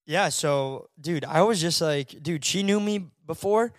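A young man co-hosting a podcast, telling a story in a loose, animated way, full of "bro" and "like". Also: on the high side, unhurried, no echo, studio quality. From Florida, US. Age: young adult. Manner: animated storyteller, acts out voices, lots of "bro" and "like". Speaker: podcast co-host. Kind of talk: casual storytelling chat.

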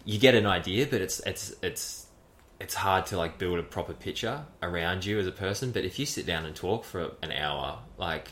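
A man hosting a relaxed podcast chat, his voice very low and deep. He rambles loosely and fills his sentences with "like", laughing often. The recording sits in an echoey room with a faint hum of ambience behind him. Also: moderate pace. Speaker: podcast host. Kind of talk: casual chat.

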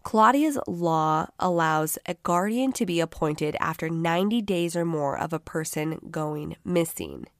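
A woman hosting a true crime podcast, with a groggy voice and a measured, sober delivery. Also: sits low, no room sound, clean studio sound. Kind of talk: scripted narration.

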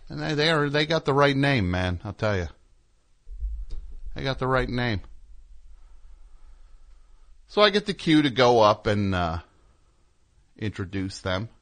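A man's voice: medium pitch, very animated, measured pace, pauses often, fairly bright tone. A man hosting a show, telling a rambling, sarcastic, indignant story as a comedic rant. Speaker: host.

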